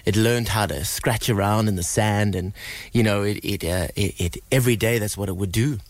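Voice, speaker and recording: A middle-aged male musician, appearing as a guest on live radio, tells a story earnestly and with animation, using lots of fillers, repeats and restarts. His voice sits on the low side at a normal speed, and the recording is dry.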